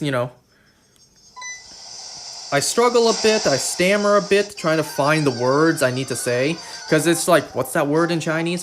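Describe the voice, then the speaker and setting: This fairly high-pitched, slightly bright male voice belongs to a Canadian streamer who chats while playing, game music running behind him. His talk is casual and rambling, and he tends to repeat himself.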